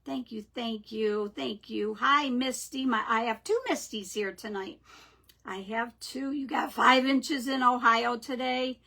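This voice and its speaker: A middle-aged woman hosts a live craft stream from home, talking slowly through a webcam mic. Her voice sits a little high and sounds bright. She chats casually and greets her viewers one by one. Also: fairly even intonation, vocal fry. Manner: chatty, greets viewers warmly by name.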